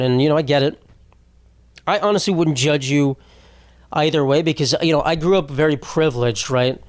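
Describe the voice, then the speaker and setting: Young guy ranting on his podcast, swears a lot, kinda high voice, super dry close sound. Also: no echo. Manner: profane, rambling, self-interrupting. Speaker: podcast host. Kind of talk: comedic monologue.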